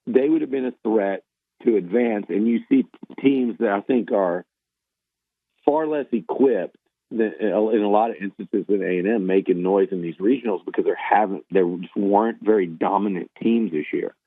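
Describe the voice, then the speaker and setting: A man talks through a baseball season in a loose, restarting way, circling back to repeat himself. His voice sits a little low. The sound is narrow and phone-like, with no room echo. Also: moderate pace. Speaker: baseball analyst. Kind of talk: casual sports talk. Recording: tinny phone-line sound.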